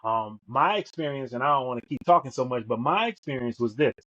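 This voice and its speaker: A man's voice: mid-range voice, animated, brisk, a bit bright. A middle-aged man co-hosting a podcast, telling stories emphatically and repeating words as he goes. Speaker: podcast co-host. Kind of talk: storytelling in conversation. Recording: dull lo-fi sound.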